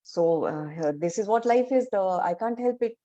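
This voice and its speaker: A worldly-wise mother bird in a told fable, resigned to how life works, speaking in a mellow voice with an Indian English accent as a woman storyteller puts her on. The audio is dull and lo-fi, like an online call. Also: mid-range voice, animated, natural voice. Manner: plain storytelling voice with halting fillers.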